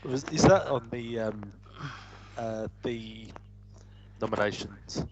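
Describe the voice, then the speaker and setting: A man's voice: fairly low pitch, slow pace. Hesitant co-host guy, muffled lo-fi mic, bit of hiss. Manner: hesitant, short interjections. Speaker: radio co-host. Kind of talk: casual chat. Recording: dull lo-fi mic with faint noise.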